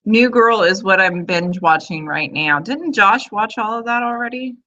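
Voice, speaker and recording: A woman's voice: medium pitch, animated, normal speed, sharp tone, highs cut off. A woman in her thirties hosting a casual video chat from home, rambling with lots of fillers. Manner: chatty, rambling, full of fillers. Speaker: host of a live video chat.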